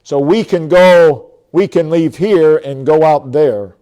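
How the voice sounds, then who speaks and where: Slow, mellow-voiced preacher. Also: male voice, fairly high pitch, dull audio. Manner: emphatic, repeats key phrases, trails off softly at line ends. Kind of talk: sermon.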